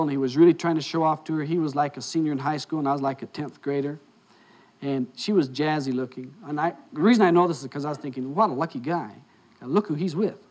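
A man's voice: a little high, darkish tone. An older man telling a casual personal anecdote, acting out the dialogue as he goes. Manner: anecdotal, acts out dialogue in quotes. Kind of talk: casual storytelling.

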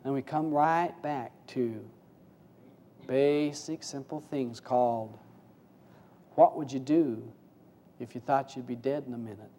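A man teaching as a spiritual speaker in an informal sermon, folksy and full of rhetorical questions, swinging between hushed low passages and raised, quicker ones. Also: a little hiss or hum.

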